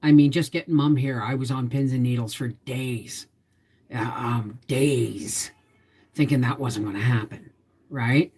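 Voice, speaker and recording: Low husky woman chatting on a livestream. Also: fairly even intonation, a little slow, a little mellow. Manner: confiding, rambling storyteller who greets viewers. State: emotionally tired. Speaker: homestead vlogger hosting a livestream. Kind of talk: casual live-stream chat.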